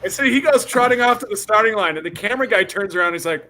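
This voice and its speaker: A young man hosting a podcast, telling a story with lots of acted-out quotes and big jumps in pitch. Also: lively intonation, rapid-fire, bright, forceful tone. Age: young adult. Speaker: podcast host. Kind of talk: animated storytelling.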